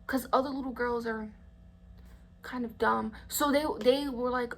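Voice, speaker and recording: A woman's voice: fairly high pitch, fairly even intonation, measured pace. A young adult woman telling a story-time vlog in a blunt, indignant way, swearing freely. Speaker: vlogger.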